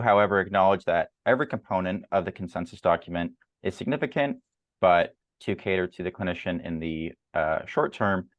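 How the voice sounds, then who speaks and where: A man hosts an academic journal club over a video call and walks through slides in a measured, filler-laden way. His voice sits very low. The sound is dry and close. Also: no room sound, highs cut off. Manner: measured, with frequent fillers and repeated words.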